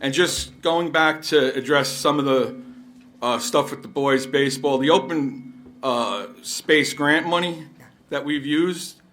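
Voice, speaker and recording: A man's voice: fairly high pitch, measured pace, a bit bright. A man speaking for the rec commission at a council meeting, pointed and questioning, at a podium microphone. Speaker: resident representing the rec commission. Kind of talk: public meeting comment.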